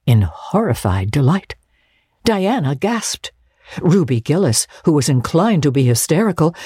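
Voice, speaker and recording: A woman giving a dramatic reading of a classic novel in an expressive storytelling manner. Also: sits low, slightly rough, no echo, clean studio sound. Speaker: narrator.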